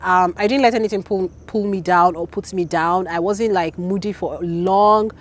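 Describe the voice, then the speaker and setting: A woman in her thirties, an interview guest telling a personal story in casual chat, animated and acting out the voices of people she quotes. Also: lowish voice, moderate pace.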